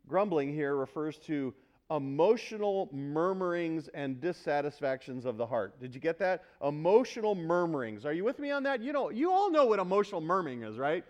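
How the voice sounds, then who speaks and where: A man preaching a sermon to a church congregation, animated and emphatic, asking the room for responses and then dropping to quiet earnest teaching. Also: fairly high pitch, moderate pace, highs cut off. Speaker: pastor.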